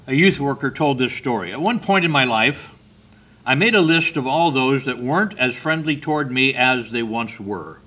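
A man giving a sermon, telling stories in a slow, measured way with brief hesitations. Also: medium pitch, expressive, pushed and bright. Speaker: preacher.

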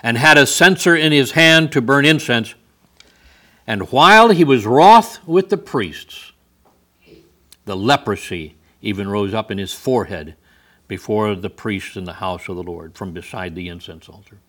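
A man's voice: on the low side, animated, unhurried, sharp tone. A man preaching a sermon who reads scripture aloud and comments on it with wry humor.

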